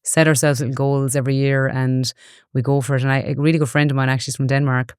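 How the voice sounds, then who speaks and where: Brief: Galway Irish woman, forties, rapid and chatty guest, smooth clear voice, dry close sound. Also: a bass voice, level tone, darkish tone, no room sound. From Ireland. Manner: chatty storyteller, earnest. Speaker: guest, online safety educator. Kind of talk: casual interview chat.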